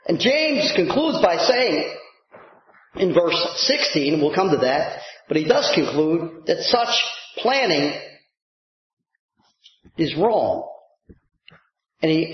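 A male pastor preaching a sermon to his congregation, animated and rising to shouts for emphasis. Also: high voice. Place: church sanctuary. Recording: echoey church hall, dull lo-fi sound.

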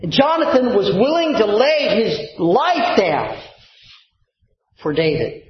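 A man's voice: sits high, sing-song, slow pace, echoey room, highs cut off. A man preaching a sermon as a pastor, stretching out key words and calling for amens. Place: church sanctuary.

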